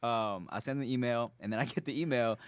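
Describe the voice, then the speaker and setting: A man's voice: medium pitch, a little fast, slight background noise. A man co-hosting a podcast in casual chat, often laughing as he tells stories. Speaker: podcast co-host.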